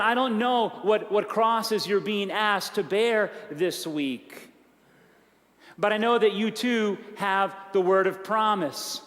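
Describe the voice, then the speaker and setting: A man preaching a sermon as pastor in a church, earnest, with a repeating cadence and phrases that soften and fall away. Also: high-pitched. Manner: earnest, repetitive cadence with soft dropped phrases. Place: large church sanctuary. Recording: long church reverb.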